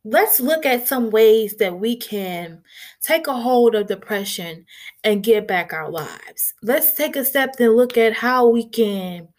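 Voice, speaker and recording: Young woman vlogging, kinda high voice, earnest and chatty, lots of filler phrases. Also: expressive, slow. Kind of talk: candid personal talk.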